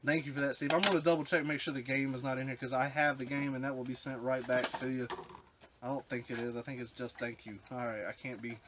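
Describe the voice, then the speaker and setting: A man's voice: medium pitch, little pitch movement, fast talker. A man unboxing retro games for his vlog, overwhelmed and choked up, often trailing off mid-sentence. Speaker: retro game collector vlogger. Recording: background hiss with clicks.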